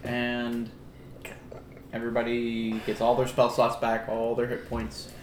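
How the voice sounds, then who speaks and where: A man sits at the table as game master, narrating in a laid-back way and pausing mid-sentence. His voice sits at an ordinary middle pitch. The room rings a little around him, with a faint hiss underneath. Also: monotone, a little mellow. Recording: roomy with faint noise.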